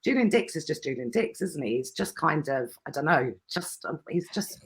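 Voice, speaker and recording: A woman's voice: low voice, very animated, moderate pace. Chatty, giggly woman. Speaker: podcast guest. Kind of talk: casual chat.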